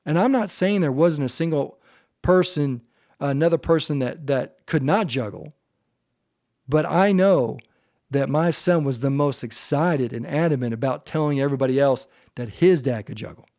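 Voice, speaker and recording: A man hosting a podcast, talking earnestly and with deep feeling about his family and faith, at times choked up. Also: moderate pace, a little mellow, no room sound, studio quality. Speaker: podcast host. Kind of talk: heartfelt faith-based podcast monologue.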